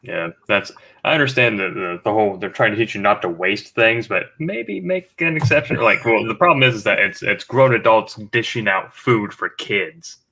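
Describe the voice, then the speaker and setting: A man's voice: fairly low pitch, lively intonation, normal speed, vocal fry, hardly any pauses, bright, forceful tone. A man hosting a casual livestream chat, joking around and reading viewer comments aloud. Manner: jokey, slips into silly voices, reads chat comments aloud. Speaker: livestream host.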